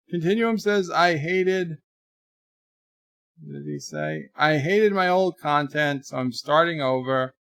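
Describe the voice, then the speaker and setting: A man's voice: a little high, gravelly, no room sound, clean studio sound. A man hosting a live stream, reading viewers' chat messages aloud in a rambling, chatty way. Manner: chatty, rambling, trails off quietly.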